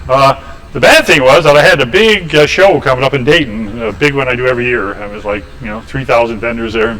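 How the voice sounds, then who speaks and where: A man's voice: medium pitch, fairly quick, fairly bright tone, slight background noise, poor audio. A man in a woodshop, demonstrating woodturning and telling rambling, folksy anecdotes with chuckles. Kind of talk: casual storytelling during a lathe demo. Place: woodshop, indoors.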